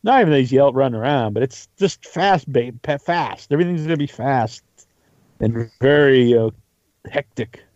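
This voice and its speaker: Animated fast-talking podcast guy. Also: mid-range voice, no echo. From Northeast US. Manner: quick, animated, stumbling restarts. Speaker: podcast co-host. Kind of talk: casual wrestling chat. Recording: dry, slightly dull lo-fi audio.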